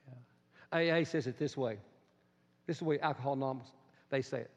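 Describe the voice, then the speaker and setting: A middle-aged male pastor giving a sermon in an emphatic style, with bursts into high, excited exclamations. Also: brisk, long reverb tail, lo-fi sound.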